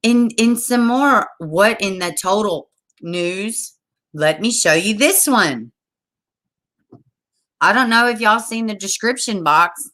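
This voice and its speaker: A woman hosting a livestream from home, reading news stories aloud and reacting in an exasperated, animated way while talking straight to her viewers. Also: mid-range voice, slow pace, pauses often. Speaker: livestream host. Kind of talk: casual news commentary to a live chat.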